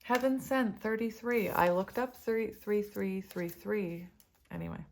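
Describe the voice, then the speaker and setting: A woman's voice: mid-range voice, a little slow, gravelly, slight background noise. A woman giving a casual tarot reading to her viewers, emotional and tearful, laughing often as she talks about spiritual love and energy. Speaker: tarot reader.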